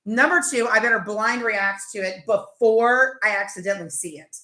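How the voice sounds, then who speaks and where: A woman hosting a casual live chat, talking fast and laughing as she tells stories. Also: medium pitch, sharp tone, reverberant. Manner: chatty, laughing, tells stories with acted-out quotes. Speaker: livestream host.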